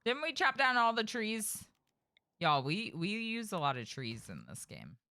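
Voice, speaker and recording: A woman's voice: medium pitch, huge pitch swings, unhurried, bright, forceful tone. A young adult woman streaming a game live, chatting with viewers and reacting aloud to the play.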